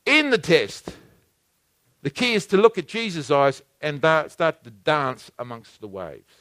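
A man preaching a sermon, swinging between loud exhortation and hushed, intimate asides. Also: fairly high pitch, very animated, a little slow, dry recording.

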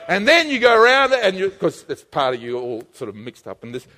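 A man preaching a sermon, animated and calling on the congregation to answer him. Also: sits high, fairly quick. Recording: long hall reverb.

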